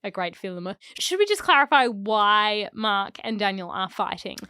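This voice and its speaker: A woman's voice: medium pitch, very animated, measured pace, pushed and bright, smooth, dry recording, clean studio sound. Sarcastic, playful woman co-host. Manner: sarcastic, playful, puts on voices. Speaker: podcast co-host. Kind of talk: casual chat.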